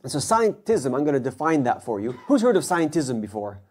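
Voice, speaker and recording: A man's voice: medium pitch, sing-song, brisk, darkish tone. A man, a physics professor, giving a conversational public lecture to a live audience and often checking in with listeners. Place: event hall before an audience.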